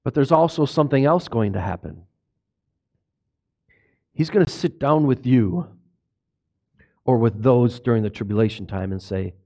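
A man preaching a sermon, asking the congregation questions and swinging between hushed low lines and loud exclamations. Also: big pitch swings, moderate pace, creaky, long pauses. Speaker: pastor.

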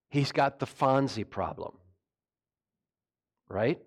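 A pastor preaching a sermon, animated and mocking, firing rhetorical questions at his listeners. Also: mid-range voice, unhurried, vocal fry, pauses often.

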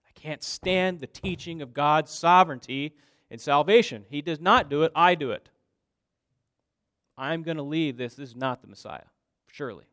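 A man's voice: on the high side, moderate pace, a bit bright, no room sound, voice pushed up, close to an everyday voice. A man doing a whiny, self-centred grumbler. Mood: indignant. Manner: whiny, indignant, boastful. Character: self-centred grown man demanding comfort from God.

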